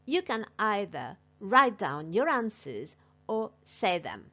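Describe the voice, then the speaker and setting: A woman teaching a language lesson to a class, talking slowly and deliberately in an encouraging way. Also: medium pitch, sing-song, pushed and bright, dull audio.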